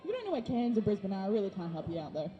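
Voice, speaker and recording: A woman's voice: mid-range voice, very animated, rapid-fire, warm tone, dull audio, slight background noise. A woman giving chatty, laughing colour commentary on a roller derby bout. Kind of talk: live sports colour commentary.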